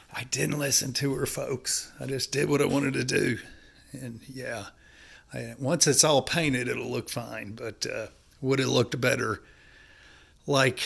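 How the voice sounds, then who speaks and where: A man with a gravelly, stuffed-up voice chats in a folksy, meandering way, calling his viewers folks. He sounds easygoing as he talks about his build indoors, at an ordinary pitch for a man. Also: moderate pace, fairly bright tone. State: congested, stuffy nose. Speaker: home-building vlogger. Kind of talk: casual talk to camera while working. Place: house under construction, indoors.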